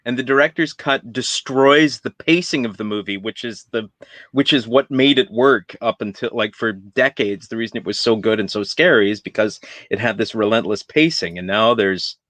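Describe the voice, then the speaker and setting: Animated, opinionated man ranting about films. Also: fairly low pitch, moderate pace, dry recording. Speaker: guest. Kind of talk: casual film chat.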